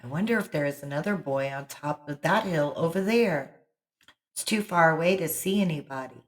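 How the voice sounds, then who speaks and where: A woman voicing a lonely, quick-tempered little boy with a high, excitable voice. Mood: wondering. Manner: high, excitable, shouting boyish voice. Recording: roomy echo.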